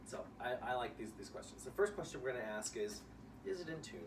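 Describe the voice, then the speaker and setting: A young man teaching a child violin in a relaxed, casual way, explaining ideas and singing short examples. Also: medium pitch, fast talker. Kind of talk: casual one-on-one music lesson. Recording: distant room mic with noise.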